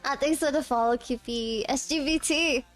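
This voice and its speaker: A woman's voice: sits high, moderate pace, soft background music. A young woman streamer chatting casually with viewers, reading out chat, giggling often and a little self-conscious.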